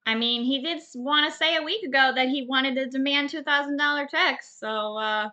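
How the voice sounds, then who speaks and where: A woman's voice: sits high, moderate pace, pushed and bright. A woman co-hosting a casual news chat with her husband, giving dry, teasing replies. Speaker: co-host.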